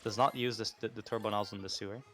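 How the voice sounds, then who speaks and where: A male co-commentator with a bright, sharp voice and a playful, joking manner. He laughs often and teases his partner while calling the match. Faint music sits behind him. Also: on the low side, fairly even intonation, very fast. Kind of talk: live esports commentary.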